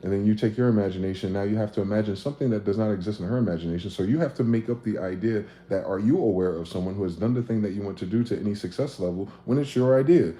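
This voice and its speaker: Casting: man, low, mellow voice, loose profane livestream rant in an echoey room. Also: racing, few pauses. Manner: animated, profane, acts out both sides of conversations. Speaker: livestream host. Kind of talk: casual livestream monologue. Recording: echoey room with faint ambient noise.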